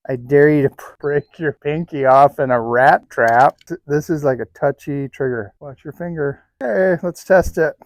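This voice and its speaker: A man casually demonstrating gear in a barn for a vlog, playful and quick to chuckle, sometimes squeaking like a rat. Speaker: YouTuber testing rat traps. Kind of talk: casual hands-on demo vlog.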